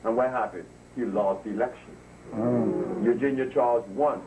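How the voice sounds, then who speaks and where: A man's voice: medium pitch, moderate pace, warm tone. A man addressing an audience in an impassioned lecture, preachy and emphatic, repeating words for emphasis. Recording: distant mic with faint noise.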